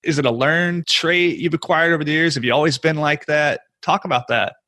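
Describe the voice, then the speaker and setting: A man's voice: fairly high pitch, brisk, sharp tone. A man hosting an interview podcast, asking open questions in a friendly way. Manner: friendly, asks open questions, laughs along. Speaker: podcast host. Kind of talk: casual interview.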